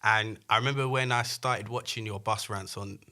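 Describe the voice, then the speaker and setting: Podcast host, low and bright voice, keeps saying yeah. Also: male voice, fairly even intonation, normal speed. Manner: encouraging, frequent "yeah yeah" backchannels. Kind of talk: casual interview chat.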